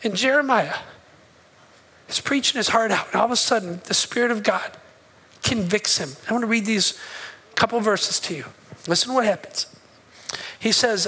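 A man's voice: high-pitched, normal speed, pauses often, bright, forceful tone, slightly rough, poor audio. A male pastor giving a sermon in a church, impassioned and conversational, asking the congregation questions.

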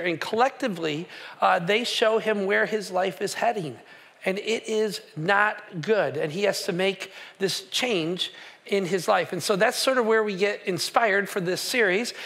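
A man's voice: high-pitched, a bit bright. A man preaching a sermon as pastor, talking casually and directly to the congregation with questions and restarts. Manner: conversational, with frequent fillers and restarts.

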